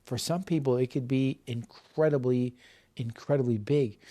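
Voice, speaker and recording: Here a man in his fifties, guesting on a podcast, speaks with a dark, medium-pitched voice, fairly even intonation, and a moderate pace. His storytelling is earnest and heartfelt, marked by repeated words and many restarts in a conversational interview style.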